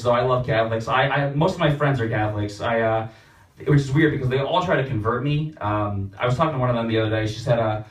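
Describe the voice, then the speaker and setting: Young man doing stand-up, deadpan. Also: medium pitch, quick pace. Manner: deadpan storytelling, shifting into exaggerated put-on voices. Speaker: stand-up comedian. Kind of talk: stand-up set. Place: small open-mic room. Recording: roomy, distant phone livestream.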